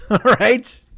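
Man, 40s, comedy podcast host, profane rambling riffs, slightly high voice, dry studio sound. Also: vocal fry, sharp tone, slightly rough, no room sound. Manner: rambling, profane riffing with repeated bits.

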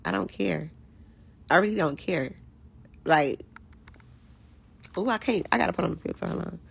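A woman with a hoarse, raspy voice, chatting casually to viewers on a phone livestream in a candid, profane, rambling way. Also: fairly low pitch, moderate pace. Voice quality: raspy, gravelly voice.

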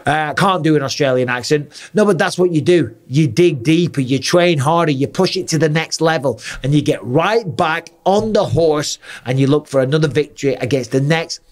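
A man's voice: fairly high pitch, normal speed, hardly any pauses. Emphatic man breaking down a fight. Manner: emphatic, keeps adding "okay?" and "right?". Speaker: host and former fighter. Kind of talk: fight analysis commentary.

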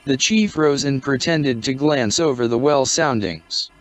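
Slow, measured male story narrator. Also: mid-range voice, faint music behind. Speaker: audiobook narrator. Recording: dry, dull lo-fi recording.

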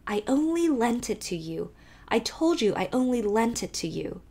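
A woman's voice: medium pitch, animated, normal speed, darkish tone, lightly acted. A woman voicing a proud, earnest young girl in an audiobook, speaking loftily. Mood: indignant. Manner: lofty, indignant.

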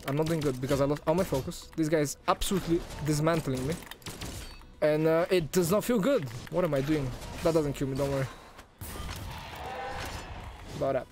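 Talking fast in a fairly high voice, a young man with a non-native English accent commentates his gameplay live on stream. He gets excitable, swinging back and forth between groans and shouts.

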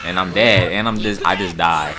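A man giving casual, frustrated commentary on his gameplay, swearing and jumping into high-pitched yelps when things go wrong. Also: normal speed. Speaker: gaming YouTuber. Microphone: desktop USB microphone. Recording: game music behind voice.

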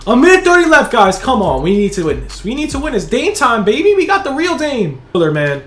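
A young man who hosts a gaming channel, giving live commentary on his own game. He shouts and cheers at big plays, then talks calmly. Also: sits high, fast talker. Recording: echoey room.

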